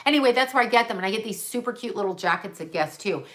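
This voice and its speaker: A woman's voice: medium pitch, expressive, quick pace, a bit bright. A woman hosting a casual livestream, rambling and chatty in a conspiratorial way. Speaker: livestream host.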